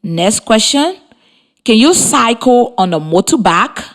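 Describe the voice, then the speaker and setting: Woman radio teacher from Liberia, slow and clear, lively rising pitch, encouraging. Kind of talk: scripted radio lesson for children.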